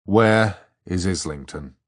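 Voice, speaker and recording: Man voicing an old abbot, grave, gentle, very slow, dry close sound. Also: low voice, no room sound.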